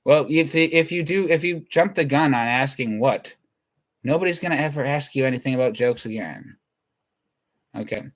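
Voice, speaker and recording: A man's voice: medium pitch, moderate pace. A man doing a rambling comedic monologue, cutting himself off and restarting thoughts mid-sentence.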